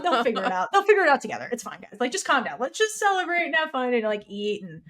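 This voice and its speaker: Animated woman podcast co-host. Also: fast, hardly any pauses. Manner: animated, acts out characters' lines in bursts of high pitch. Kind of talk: casual chat.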